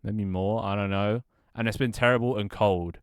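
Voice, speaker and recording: A man on a live stream, grumbling and swearing between easy laughs. His voice sits low and comes through smooth and resonant, recorded dry and close on a desk mic in a small room at home. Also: steady tone, normal speed, dry recording. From United Kingdom. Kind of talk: casual live-stream chat.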